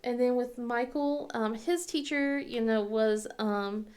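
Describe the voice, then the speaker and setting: Chatty woman with a higher voice. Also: a little mellow. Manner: rambling, halting with many fillers and restarts. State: tearful at times. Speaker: crafting channel host. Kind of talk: casual chat.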